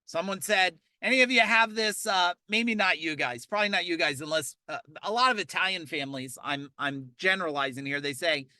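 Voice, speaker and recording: Outdoors in a parking lot, a high-voiced business coach leads an online challenge as a live motivational webinar, speaking fast and with energy. His delivery is forceful and punchy, the sound dry and close without room echo. He repeats key points and keeps prompting the audience to respond.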